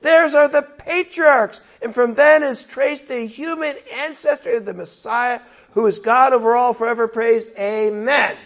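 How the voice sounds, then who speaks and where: A man's voice: extremely high pitch, steady tone, a little slow, few pauses, a bit bright. A man preaching an expository sermon, emphatic and emotional, with conversational asides to his listeners. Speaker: pastor.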